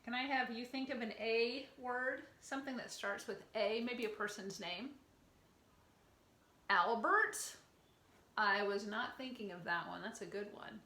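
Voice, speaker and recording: A middle-aged woman leading a circle time lesson for young children, gentle and encouraging, praising each child by name. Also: fairly high pitch, unhurried. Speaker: preschool teacher. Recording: echoey room with faint ambient noise.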